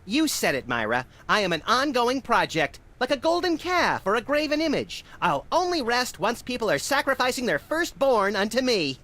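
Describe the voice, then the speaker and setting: A wild little cartoonish creature from a video game, voiced by a man, sardonic and wildly self-absorbed. The voice is bright and sharp, swinging up and down as he talks. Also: very high-pitched, very animated, normal speed, hardly any pauses, exaggerated voice. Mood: smug. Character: manic, egotistical small rabbit-like creature.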